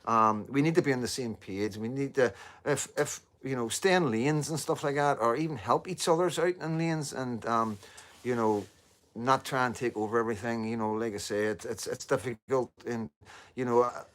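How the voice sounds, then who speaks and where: A man's voice: medium pitch, normal speed, a bit bright. Rambling Northern Irish man live-streaming. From Northern Ireland. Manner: rambling, repetitive fillers, occasional swearing. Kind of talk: casual live stream monologue.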